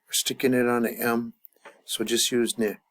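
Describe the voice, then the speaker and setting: A man's voice: mid-range voice, little pitch movement, moderate pace, fairly bright tone. A man teaching a grammar lesson at a chart, thinking aloud with many fillers and restarts. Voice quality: gravelly. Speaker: language teacher.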